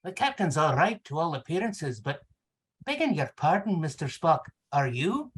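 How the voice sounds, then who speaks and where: A man's voice: a little high, sing-song, moderate pace, slightly rough, pitched above the performer's own voice. A man voicing an indignant Scottish starship engineer while reading a novel excerpt aloud. He sounds bewildered and righteously put out. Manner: bewildered, then righteously outraged.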